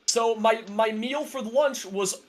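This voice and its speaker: High-voiced man telling a rambling story. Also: unhurried. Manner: rambling storytelling, many fillers and restarts; sarcastic, laughs often. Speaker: podcast co-host. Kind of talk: casual chat.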